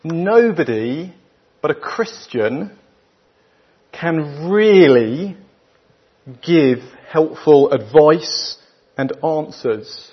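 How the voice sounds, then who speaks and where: Slow, husky British preacher man. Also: on the high side, animated. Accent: British English. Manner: emphatic, with rhetorical questions and weighty pauses. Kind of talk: sermon. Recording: dull lo-fi recording.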